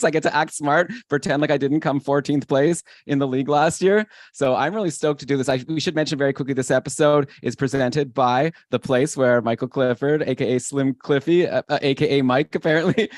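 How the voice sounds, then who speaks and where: A man hosting a fantasy hockey podcast, chatty and excitable, with energetic shouted openers. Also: medium pitch, no echo, studio quality. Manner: hyped, energetic show opener. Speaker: podcast host. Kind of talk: casual podcast chat.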